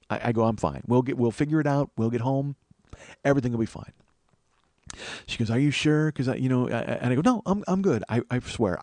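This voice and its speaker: A man tells a story on his comedy podcast, swearing freely and poking fun at himself. His voice sits at a middle pitch. The sound is close and dry, with no room echo. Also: a little mellow. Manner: profane, self-deprecating, emphatic storytelling. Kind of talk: storytelling monologue.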